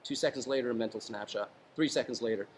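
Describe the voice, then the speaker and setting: Calm guy talking about negotiation skills, slows down and pauses a lot, faint hiss behind. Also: medium pitch. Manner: calm, varies tone and pauses for effect. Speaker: interview guest, former hostage negotiator. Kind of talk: casual interview advice.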